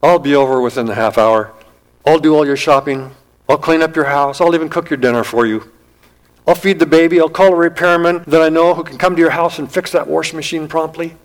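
A man's voice: on the high side, fairly quick, natural voice, low-quality recording. A man voicing a kindly older woman on the phone in a sermon story, speaking in a soothing, reassuring way.

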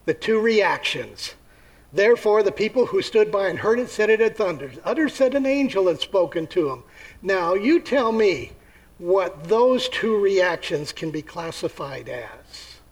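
A man preaching a sermon, telling the story with lively acted-out voices and asking his listeners questions. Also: sits high, low-quality recording. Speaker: pastor.

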